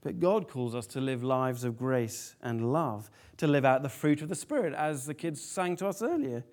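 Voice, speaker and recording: A man preaching a sermon to a family congregation, lively and animated, often asking the room questions. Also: medium pitch, moderate pace.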